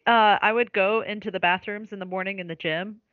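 A woman's voice: mid-range voice, steady tone, fairly quick, no echo. A woman guest on a podcast in casual chat, telling stories with dry humor. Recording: dull, lo-fi, dry podcast audio.

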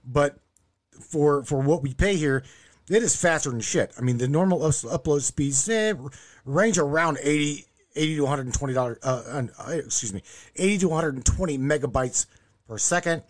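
A man hosting a casual chat show from his home studio, talking in a brash, animated, profane way. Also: fairly high pitch, normal speed. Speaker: host.

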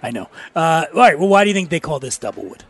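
A man with a fairly high, very lively voice co-hosting a casual podcast. He keeps cracking jokes and teasing his co-host. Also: quick pace, vocal fry, husky. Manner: joking, wisecracking. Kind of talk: casual chat.

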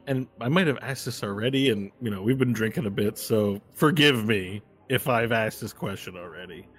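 A man's voice: mid-range voice, lightly acted. A man voicing a boastful, rambling immortal devilish figure in a bar during a tabletop game. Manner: chatty, rambling, tipsy.

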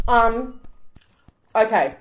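An Australian woman co-hosting a podcast in casual chat, animated and fired up about the environment. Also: on the high side, roomy sound, low-quality recording. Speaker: podcast co-host.

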